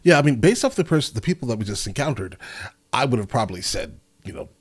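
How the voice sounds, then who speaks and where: A man's voice: medium pitch, big pitch swings, fast talker, over loud music. A man hosting a reaction video, chatting casually and animatedly to his viewers.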